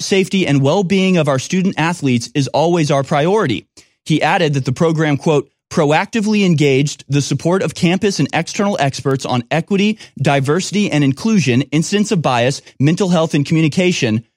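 A man's voice: on the high side, expressive, moderate pace, no room sound, clean studio sound. A man reading news stories aloud and breaking off into scornful, sarcastic commentary as host of his own show.

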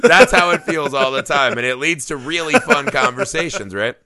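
A man's voice: fairly high pitch, animated, normal speed, crowd noise. A man hosting a casual movie podcast, joking around loosely and swearing often. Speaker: podcast host.

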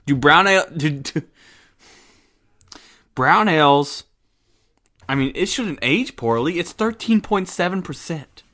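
A man hosting a casual podcast, bluntly reviewing a beer and recapping wrestling, excitable, swearing and laughing often, with many restarts. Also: fairly high pitch, measured pace, pauses often. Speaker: podcast host.

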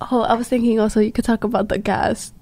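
A woman's voice: fairly high pitch, little pitch movement, a little fast, a little hiss or hum. A young woman chatting casually with a friend, laughing often and reacting with short comments. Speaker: co-host. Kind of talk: casual chat.

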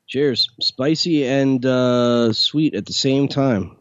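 A man co-hosts a casual chat, chiming in with short, easygoing replies at an unhurried pace. His voice comes through muffled and lo-fi. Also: medium pitch, smooth. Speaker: co-host. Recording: dull lo-fi sound.

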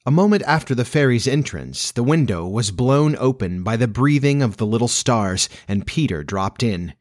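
A man narrating a children's classic as an audiobook in a measured, expressive storytelling manner. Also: mid-range voice.

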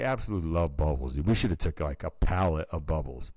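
Man, very deep voice, casual podcast chat, rambling storyteller, says "dude" a lot, dry close sound. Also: darkish tone, no echo. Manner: slips into quick put-on voices for people in his stories. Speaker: podcast co-host.

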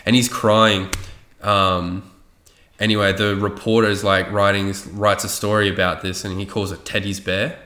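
A man's voice: on the low side, flat delivery, moderate pace, pushed and bright, roomy sound. A man telling a rambling story in casual chat, swearing freely and loose with his facts.

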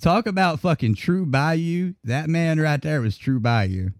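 A man's voice: on the high side, lively intonation, a little slow, dry recording, clean studio sound. A man co-hosting a podcast, telling stories animatedly and laughing often. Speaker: podcast co-host. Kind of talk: casual joking chat.

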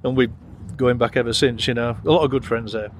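A man's voice: mid-range voice, steady tone, brisk, slight background noise. A middle-aged Yorkshire man chatting casually as an interviewee, blunt and rambling with plenty of swearing. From England. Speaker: metal band guitarist, interviewee. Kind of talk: casual chat.

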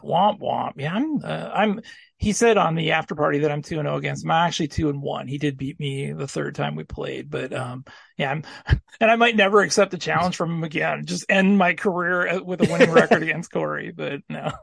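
Man, podcast host, gravelly voice, jokey casual chat, dry close recording. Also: on the high side, brisk, fairly bright tone, no room sound. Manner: laughs often, jokey.

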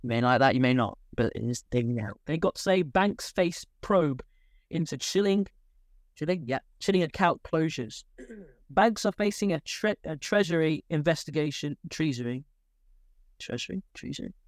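A man's voice: on the high side, expressive, normal speed, dry recording, studio quality. A young man co-hosting a casual podcast, rambling and laughing as he talks. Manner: rambling, self-interrupting, laughs often. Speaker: podcast co-host.

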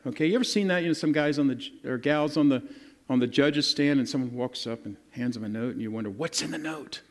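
A male pastor preaching a sermon, retelling scripture in a lively, casual storytelling way and acting out the people in it. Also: medium pitch, fast talker.

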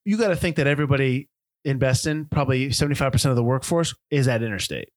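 A man's voice: medium pitch, fast, no room sound. A man co-hosting a casual movie podcast. He is agreeable and asks a lot of questions, often restarting his sentences. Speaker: podcast co-host.

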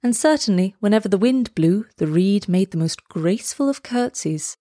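A woman reads a classic fairy tale aloud in a measured, expressive storytelling manner. Her pitch sits in an ordinary middle range. The recording is dry and close, with no room echo.

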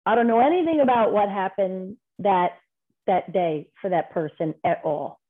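Woman on a tinny phone-like line. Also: mid-range voice. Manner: candid, rambling, quick restarts. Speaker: podcast guest. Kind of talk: casual conversation, telling personal stories.

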